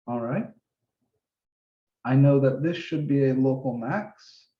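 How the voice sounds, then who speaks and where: A man's voice: medium pitch, slow. A male math instructor in a casual office-hour lesson, talking through each step as he works, with an occasional mild swear. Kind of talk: office-hour lesson, thinking aloud while drawing. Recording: roomy, dull lo-fi recording.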